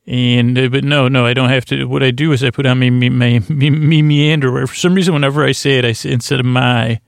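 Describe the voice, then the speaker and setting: A man hosting a bedtime podcast in a soft, lulling, creaky voice, meandering goofily through asides and restarts, recorded in a closet. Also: mid-range voice, steady tone, quick pace, no room sound, clean studio sound. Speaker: podcast host. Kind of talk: rambling bedtime podcast monologue.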